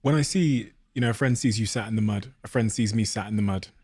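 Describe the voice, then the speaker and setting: A man's voice: fairly low pitch, fast, a little mellow, breathy edge, no echo, studio quality. A man hosting a podcast, asking searching, probing questions. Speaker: podcast host. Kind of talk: interview questions.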